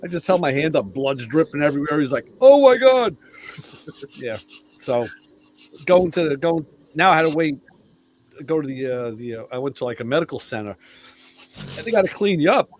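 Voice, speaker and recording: A man's voice: on the high side, lively intonation, brisk, pauses often, slight background noise. An older man telling a workshop injury story in casual live-stream chat, laughing and repeating himself. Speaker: show regular.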